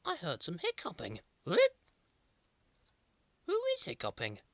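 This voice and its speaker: Woman playing calm toy leader, slow, gentle, bright, very lively melody, dry close mic. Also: sits low, creaky, breathy edge, no echo, full character voice. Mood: concerned. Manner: gentle, thoughtful, slow and reassuring. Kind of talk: children's toy puppet show.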